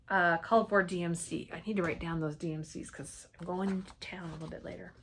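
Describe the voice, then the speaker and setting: A woman's voice: medium pitch, a bit bright. Chatty woman showing off cross-stitch supplies. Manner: chatty and enthusiastic, gushing over colors. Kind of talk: casual show-and-tell chat.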